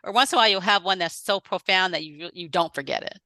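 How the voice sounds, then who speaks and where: Bright-voiced woman explaining dreams. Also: lowish voice, fast, dry recording. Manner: flowing and reflective. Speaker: guest dream teacher. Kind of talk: conversational explanation.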